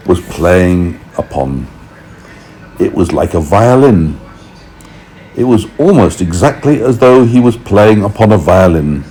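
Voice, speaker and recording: A man reading a storybook aloud for toddlers, expressive and unhurried, pausing to explain things. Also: low-pitched, slight background noise, poor audio.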